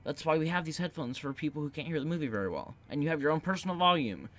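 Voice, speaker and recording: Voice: medium pitch, lively intonation, very fast, a bit bright. A young adult who works at a movie theater, telling customer stories in an exasperated, casual way. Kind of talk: casual chat.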